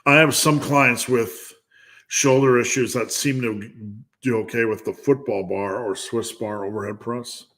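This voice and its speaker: A middle-aged man answers viewer questions on his live stream, offering blunt, joking lifting advice like a coach and restarting often. He speaks a little slowly, his medium-pitched voice slightly bright with fairly even intonation.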